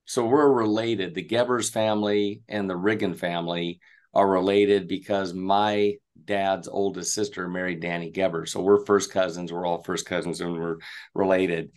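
A man's voice: low-pitched, steady tone, moderate pace. A man guest on a podcast, talking in an easygoing, friendly way with frequent fillers. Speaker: guest, fruit company marketing director. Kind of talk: casual interview talk.

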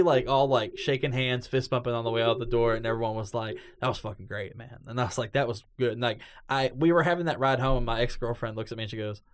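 Profane, animated male podcast host. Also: medium pitch, clear, resonant tone. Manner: animated storyteller, swears freely, acts out quotes. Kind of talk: casual chat.

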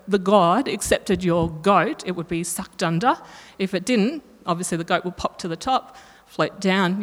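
Chatty woman preaching in a reverberant hall. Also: lowish voice. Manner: chatty, self-correcting, asks the room questions. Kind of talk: sermon.

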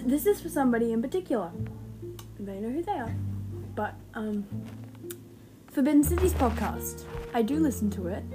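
Excitable rambling young woman over music. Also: on the high side. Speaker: podcast host. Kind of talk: unscripted fan-theory podcast. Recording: music playing behind the voice.

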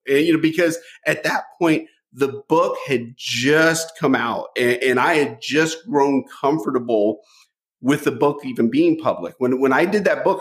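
A middle-aged man telling stories from his life as a podcast guest, animated, often repeating a word as he starts a thought. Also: mid-range voice. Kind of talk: storytelling interview.

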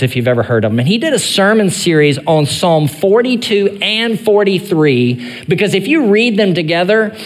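High-voiced pastor preaching in a reverberant church. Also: male voice. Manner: earnest preaching, rising to pleading cries when voicing the psalmist. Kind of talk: sermon.

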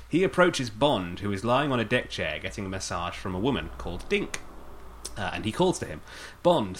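A man's voice: fairly low pitch, fairly bright tone. Sweary man recapping a film. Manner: sweary, dry humour, recaps the plot. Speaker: podcast host. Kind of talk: casual film recap chat.

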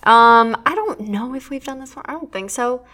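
A woman's voice: a little high, expressive, moderate pace, bright, forceful tone. Sarcastic young woman, casual banter. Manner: blunt, sarcastic, laughs often. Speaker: podcast co-host.

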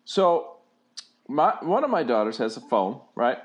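Lively rambling man telling stories. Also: mid-range voice, measured pace. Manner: rambling storyteller with restarts and chuckles. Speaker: podcast co-host, father. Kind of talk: casual chat.

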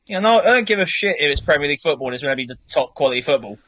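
A man's voice: a little high, lively intonation, rapid-fire, fairly bright tone. A young man co-hosting a casual football chat, rambling and swearing freely. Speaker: podcast co-host.

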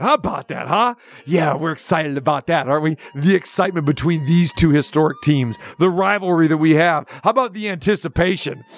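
A man hosting a sports radio show, ranting with sarcastic mock questions in an animated, opinionated way. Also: high-pitched.

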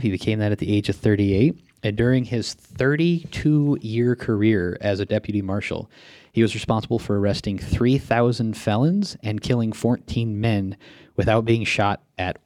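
Low, thoughtful podcast co-host man, dry sound. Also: moderate pace, darkish tone, dry recording. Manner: thoughtful, hesitant, many fillers. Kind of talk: casual film discussion.

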